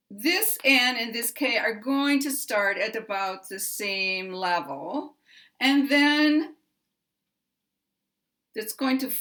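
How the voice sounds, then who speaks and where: An American woman teaching pronunciation at an unhurried pace. She lays out each rule in a deliberate, measured way and speaks her example sentences out clearly. Her voice sits at an ordinary middle pitch. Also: sharp tone. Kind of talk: slow, careful teaching explanation.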